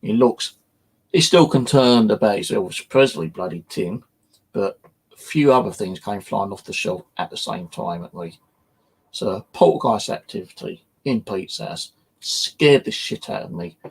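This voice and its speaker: A man tells a personal story in a loose, rambling way, scattering fillers and swear words. His voice sits low and gravelly, with a husky, slightly rough edge. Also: expressive, measured pace. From England. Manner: rambling, full of "you know" fillers and swearing. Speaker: paranormal investigator and channel host. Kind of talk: casual first-person storytelling.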